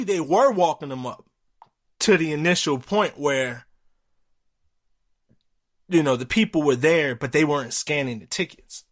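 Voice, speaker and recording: A man tells a story on his podcast in a loose, swearing, casual monologue. His voice sits fairly high for a man, and it leaps up whenever he acts out the people in the story. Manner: animated, acts out quotes with jumps in pitch, swears freely. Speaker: podcast host.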